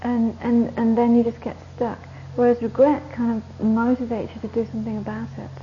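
Woman, Buddhist teacher, dharma talk, rambling anecdotes, fairly high voice, dull lo-fi sound, faint hiss. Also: level tone, a little fast. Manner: rambling, anecdotal, laughs often. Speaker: Buddhist teacher leading a course. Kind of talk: dharma talk to a retreat group.

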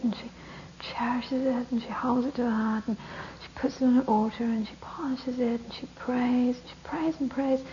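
A woman Buddhist teacher giving a talk, telling a story with lively narration that often drops to a whisper. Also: a little high. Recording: dull lo-fi recording with faint hiss.

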